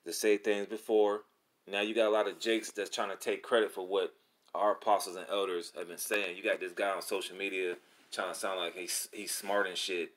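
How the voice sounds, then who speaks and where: A man with a lowish voice preaches from scripture in a loose, excited street style. He swears freely and keeps calling his listeners "man." His delivery jumps between calm reading and fired-up exhortation. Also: moderate pace. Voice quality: profane, slangy speech. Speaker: religious video presenter. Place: Atlanta.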